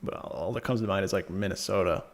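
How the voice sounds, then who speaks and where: A Canadian man streams a shooter game with a deep voice and fast delivery. Relaxed and chatty, he comments on the gameplay wryly, reads chat aloud, and laughs often.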